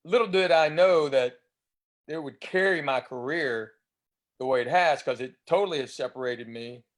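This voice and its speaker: A man's voice: a little high, normal speed. A man in his fifties from East Tennessee with a Southern accent, telling chatty anecdotes as a guest comedian and enunciating his drawl. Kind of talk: casual storytelling interview.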